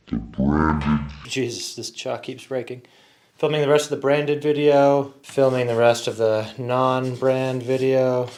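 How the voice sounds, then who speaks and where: Man rambling through his to-do list. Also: medium pitch. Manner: rambling, self-narrating with quick asides. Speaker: content creator. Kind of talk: behind-the-scenes vlog, talking to himself. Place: at home, indoors.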